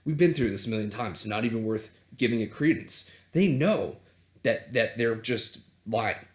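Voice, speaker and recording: A man's voice: mid-range voice, expressive, normal speed. A man on a vlog, ranting heatedly and sarcastically, with plenty of swearing. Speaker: self-help vlogger and coach. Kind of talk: unscripted profane political rant.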